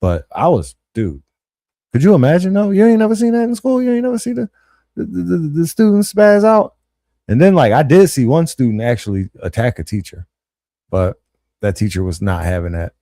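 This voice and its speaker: Fairly high-pitched and fairly quick, a young man hosts a podcast with no room sound behind him. He chats in slang about his school days, lively throughout, and plays out what others told him.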